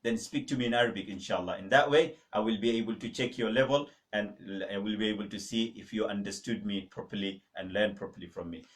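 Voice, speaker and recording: A man teaching an online Arabic lesson, drilling words slowly with students and urging them to practise. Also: on the low side. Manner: emphatic, exhorting. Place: mosque teaching room. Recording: voice a little far from the mic.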